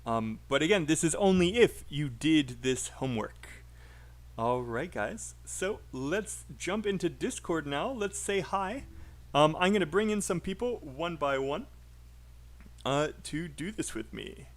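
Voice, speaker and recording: A British man leads an online speaking lesson, his voice sitting a little high for a man. He coaches learners one by one with plenty of fillers and encouragement, in the easy rhythm of a teacher on a voice chat. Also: lively intonation, measured pace.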